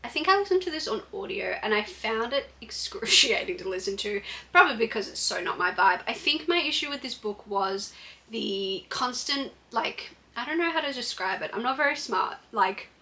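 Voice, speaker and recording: A woman's voice: on the high side, animated, normal speed, bright, forceful tone. A woman giving a blunt, chatty book review with frequent fillers and restarts. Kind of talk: casual book review vlog.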